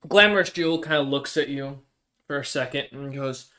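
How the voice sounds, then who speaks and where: A man's voice: mid-range voice, normal speed, bright, forceful tone. A man narrating as game master of a tabletop game, rambling, with many fillers. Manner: rambling, hesitant, filler-heavy.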